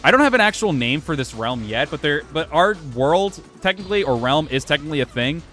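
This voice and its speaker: Male gaming streamer, animated and rambling, self-deprecating and profane, faint music behind. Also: on the high side, fairly quick. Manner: rambling, self-mocking, swears freely. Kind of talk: casual gameplay commentary. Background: faint music playing from his computer.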